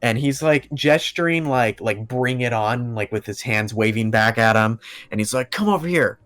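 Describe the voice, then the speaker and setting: A man's voice: medium pitch, steady tone, moderate pace, a bit bright, faint music behind. Rambling young man telling a story. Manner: rambling, laughing, acts out quoted voices. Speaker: podcast guest. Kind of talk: casual storytelling chat.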